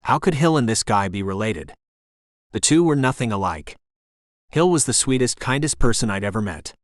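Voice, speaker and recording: A man narrating a romance audiobook in the first person with steady, intense storytelling on a close studio mic. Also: medium pitch, moderate pace, dry recording.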